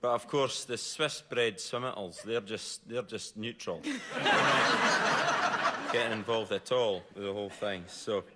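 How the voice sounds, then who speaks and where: A Scottish man, a comedian and farmer, riffing in a hesitant deadpan way on a panel show. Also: fairly low pitch, unhurried, very noisy. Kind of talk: deadpan comic riff.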